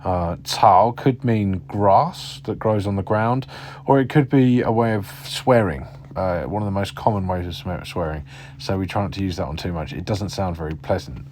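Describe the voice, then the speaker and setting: A man with a fairly low voice teaches beginners in a loose, chatty way, drilling syllables and correcting himself as he goes. A faint hum sits under the recording. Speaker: language teacher. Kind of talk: casual beginner language lesson.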